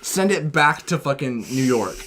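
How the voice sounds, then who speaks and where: Profane, animated man recapping a film. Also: mid-range voice, normal speed. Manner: animated, profane, acts out the plot in quoted voices. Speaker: film reviewer, podcast host. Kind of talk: casual film review chat.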